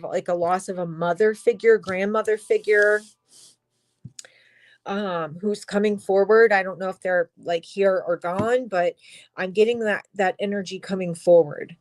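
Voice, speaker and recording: A woman's voice: mid-range voice, fairly even intonation, no echo, low-quality recording. Tearful woman giving a tarot reading. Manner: emotional, tearful and halting, with sighs and soft whispers. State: crying. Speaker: tarot reader.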